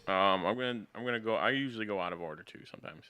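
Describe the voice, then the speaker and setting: A man's voice: lowish voice, very fast, pushed and bright, clear, resonant tone. A man on a casual movie review podcast, rambling and going off on tangents as he lists favorite quotes. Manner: rambling, goes off on tangents, many restarts. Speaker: podcast co-host.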